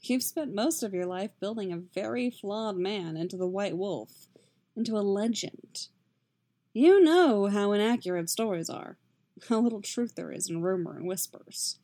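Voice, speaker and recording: A woman voicing a guarded, proud sorceress, speaking in a quiet, measured way. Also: mid-range voice, lively intonation.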